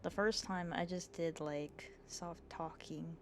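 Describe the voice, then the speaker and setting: A woman streamer talks gently and unhurriedly into an ASMR mic in her bedroom, laughing often and filling her chat with casual fillers. Her voice sits a little low. There is a faint hiss behind her. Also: steady tone, slow pace. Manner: soft, giggly, chatty with fillers. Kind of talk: soft-spoken ASMR reading and chat. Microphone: ASMR microphone.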